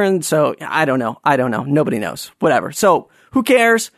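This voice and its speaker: A man's voice: a little high, animated, normal speed, hardly any pauses, a bit bright, no room sound, studio quality. Chatty American man telling stories. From United States. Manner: chatty and self-deprecating, with frequent restarts and comic put-on voices. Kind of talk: casual storytelling monologue.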